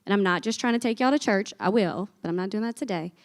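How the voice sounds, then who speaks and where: A woman, giving an energetic, chatty business talk from a conference stage before an audience. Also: mid-range voice, fast. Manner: energetic, chatty, uses folksy phrases. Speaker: conference speaker.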